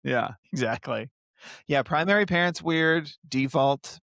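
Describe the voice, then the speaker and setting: A man speaking as a podcast guest in casual chat, with wry, deadpan humor. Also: fairly high pitch, measured pace, creaky, no room sound, studio quality.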